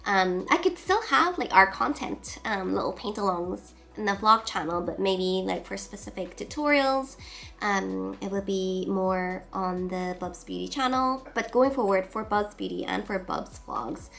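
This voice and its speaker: A woman in her thirties talking openly to her viewers in a casual vlog, soft-spoken, with fillers and trailing pauses. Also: mid-range voice, animated, vocal fry. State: nasal from a cold. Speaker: vlogger. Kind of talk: reflective casual vlog talk.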